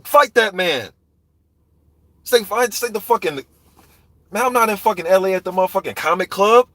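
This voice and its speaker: A man's voice: high voice, moderate pace, fairly bright tone, no room sound. A man ranting heatedly and profanely about boxing, talking straight to viewers in a live chat. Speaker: boxing commentator. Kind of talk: ranting live stream commentary.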